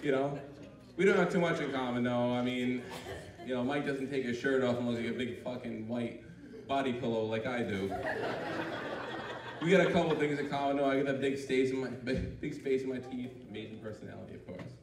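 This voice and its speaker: A man's voice: mid-range voice, fairly quick, slight background noise. A man doing a crude, rambling stand-up comedy routine on a club stage, full of "like" fillers. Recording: roomy, distant mic in a club.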